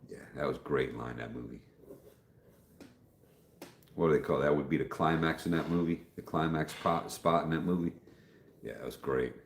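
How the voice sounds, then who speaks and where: A man's voice: very deep voice, flat delivery, moderate pace, long pauses, slight background noise. A middle-aged man hosting a casual livestream from home, rambling in a folksy way as he reads viewer comments aloud. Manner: rambling, folksy, trails off and restarts. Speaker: livestream host. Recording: echoey room.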